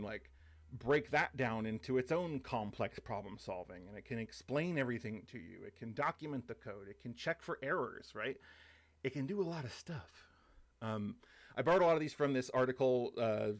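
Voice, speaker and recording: A man teaching a short course, talking loosely through slides with many fillers and quick asides. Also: medium pitch. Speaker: course instructor. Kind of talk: casual lecture over slides.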